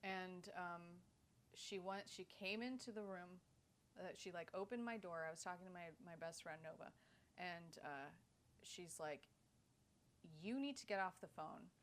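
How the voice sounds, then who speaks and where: Podcast co-host, woman, animated storyteller, acts out quotes, casual chat. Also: on the low side, unhurried, a little hiss or hum.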